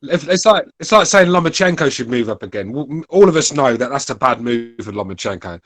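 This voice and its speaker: A man's voice: mid-range voice, expressive, fairly quick, a bit bright. A blunt, opinionated man. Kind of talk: casual chat.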